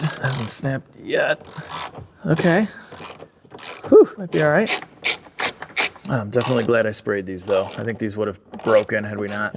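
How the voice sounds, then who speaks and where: A young man filming a casual vlog in his garage workshop, chatting excitedly and joking while he works on a car with his tools. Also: lowish voice, gravelly, noisy background. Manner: chatty, excitable, jokey asides while working. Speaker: car restoration YouTuber.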